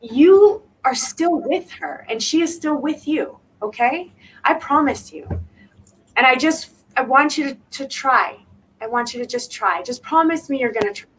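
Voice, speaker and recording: Animated and emphatic, a female psychic medium delivers a live reading in a high, slightly bright voice at normal speed, repeating the same words again and again to reassure her listener. The low-quality recording carries slight background noise.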